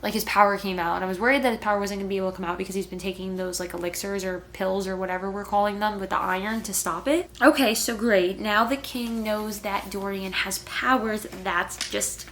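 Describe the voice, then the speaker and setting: A woman's voice: medium pitch, fairly even intonation, fast talker, hardly any pauses, a bit bright. Anxious, chatty young woman reading aloud. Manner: emotional, gasping and fretting as she reads. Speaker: book vlogger. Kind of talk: reading vlog, reading aloud and reacting.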